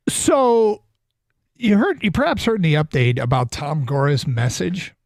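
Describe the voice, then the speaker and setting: A man hosting a sports talk radio show, reading a statement aloud with measured, deliberate emphasis in a studio. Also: mid-range voice, no echo. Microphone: studio mic.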